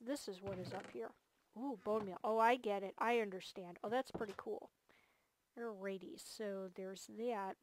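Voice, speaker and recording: A woman's voice: medium pitch, slight background noise. A tired woman hosting a game series, giving an enthusiastic, gushing tour with lots of fillers. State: tired, yawning. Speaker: host of a multiplayer game series. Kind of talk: casual gameplay tour commentary.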